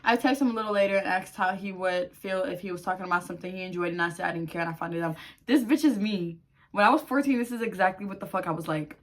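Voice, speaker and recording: A woman creator reacts to online posts in a casual vlog. She reads the stories at a subdued, even level. Then she bursts in with blunt, heavily profane commentary. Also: quick pace. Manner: profane, blunt outbursts between calmer reading; reads posts aloud in a lower, quieter voice.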